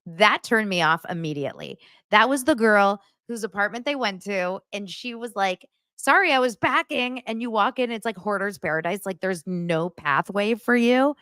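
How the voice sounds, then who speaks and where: A woman's voice: moderate pace, few pauses, clean tone, no echo, clean studio sound. A woman in her forties hosting a podcast, chatting casually about TV and laughing often. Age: 40s. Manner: animated, acts out quotes in a higher voice, laughs often. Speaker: podcast host. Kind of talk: casual pop-culture recap chat.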